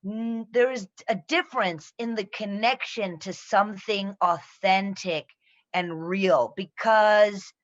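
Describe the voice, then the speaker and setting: Slow-paced and medium-pitched, this woman from the American Midwest, with an American accent, guests on a podcast for a casual chat. She's an animated storyteller who performs the quoted voices of people in her tales, and the recording lacks its high frequencies.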